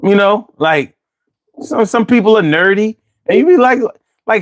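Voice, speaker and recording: A man's voice: sits high, lively intonation, moderate pace. A man telling stories in a casual chat, repeating words as he goes.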